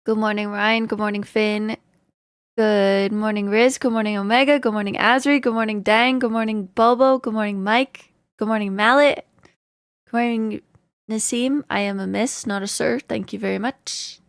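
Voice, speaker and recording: A woman streamer chatting casually with her viewers, greeting them and laughing often, her voice slightly hoarse. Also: mid-range voice, fairly even intonation, normal speed, no room sound, studio quality. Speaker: live streamer. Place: home in Canada.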